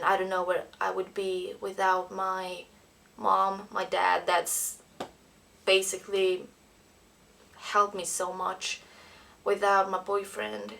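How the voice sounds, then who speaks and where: A young Swedish woman in her twenties tells a heartfelt personal story straight to camera in a vlog. Her English is slightly non-native and full of "uh" and "um". Her mid-pitched voice carries a noticeable gravelly fry. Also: a bit bright, slight background noise. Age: 20s. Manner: emotional, earnest, non-native phrasing with frequent fillers. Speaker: vlogger. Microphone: camera mic.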